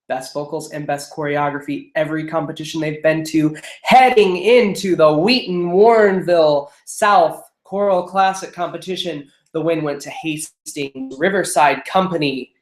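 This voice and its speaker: Chatty host rattling off results, echoey room. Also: mid-range voice. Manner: rattles off lists quickly, chatty asides. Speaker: show choir results host. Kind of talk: live webcast chat reading competition results.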